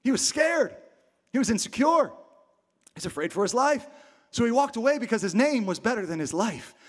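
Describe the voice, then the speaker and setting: A man's voice: very high-pitched, big pitch swings, normal speed. A man preaching a dramatic sermon to a congregation, acting out the story in different voices and building to passionate peaks. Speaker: pastor. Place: church hall with a live congregation.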